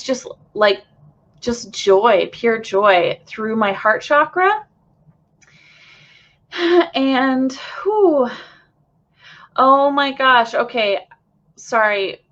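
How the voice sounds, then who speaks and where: Slow, effusive woman channeler. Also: medium pitch, a bit bright, dull audio. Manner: earnest and effusive, with many fillers and sighs. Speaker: spiritual channeler. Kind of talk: live channeling session with viewers.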